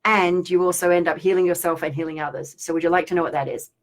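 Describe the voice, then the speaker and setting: A woman's voice: on the low side, steady tone, quick pace. A woman spiritual teacher giving a chatty, rambling live-streamed talk and reading viewer comments aloud.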